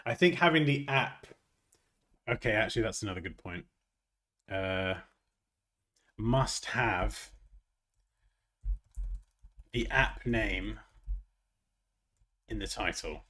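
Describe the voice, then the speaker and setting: A man's voice: lowish voice, unhurried, pauses often, fairly bright tone. A man hosting a design livestream, thinking aloud as he works and tossing out teasing, jokey asides, on a close desk mic.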